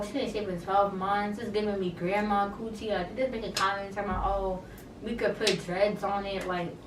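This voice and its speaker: A woman's voice: mid-range voice, reverberant, distant mic, background noise. Chatty woman recapping, slangy and blunt. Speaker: reality TV recapper. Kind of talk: casual episode recap.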